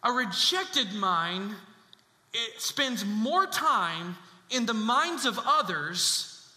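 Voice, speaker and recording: A male pastor with a high, very bright and ringing voice preaches with emphatic conviction, often repeating his key lines. He is heard in a large church space, with strong echo and a long reverb tail. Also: very animated, very slow. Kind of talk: sermon.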